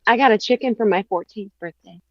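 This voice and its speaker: Female stream guest, mid pitch, deadpan and casual, slightly muffled dry audio. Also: brisk, no echo. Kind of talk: casual profane chat.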